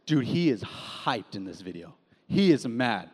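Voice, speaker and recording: A young man preaching a sermon as a pastor, casual and animated, telling stories with slang. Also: medium pitch, unhurried, slightly rough. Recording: long hall reverb.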